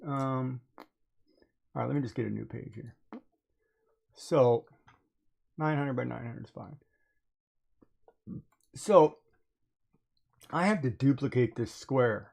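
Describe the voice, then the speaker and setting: A man on a casual stream tells a long story in a rambling, animated way, with lots of asides. His voice sits at a middle pitch with a gravelly edge. He sometimes drifts away from the mic as he draws.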